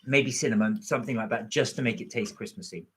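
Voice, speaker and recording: A man's voice: fairly low pitch, steady tone, fast, fairly bright tone, slightly rough. A middle-aged man, chatting casually on a live stream and talking while he eats. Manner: chatty, rambling, talks while eating. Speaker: vlogger hosting a live stream.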